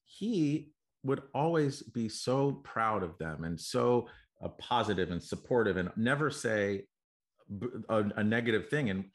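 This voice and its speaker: A man's voice: on the low side, expressive, measured pace. A man hosting a casual interview, talking in a reflective, earnest way and adding supportive comments.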